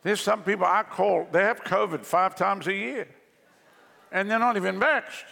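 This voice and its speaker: This sermon comes from a man whose voice sits high, sounding pushed and bright with some vocal fry, at a moderate pace. As a pastor, he jokes and tells stories to the congregation, and his words ring with the long reverb of a big church hall.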